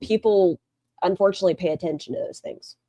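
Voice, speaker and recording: A woman's voice: fairly low pitch, fast talker, mellow, no echo. A woman streamer giving blunt, mocking, profane commentary while she watches another stream and reads chat. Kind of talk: casual commentary.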